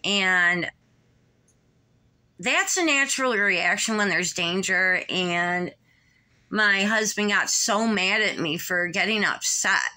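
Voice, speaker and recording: Woman vlogger, breathless and halting, bright tone, unhurried emotional rambling. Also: medium pitch. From Michigan, USA. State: short of breath, tight-chested. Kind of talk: personal vlog monologue.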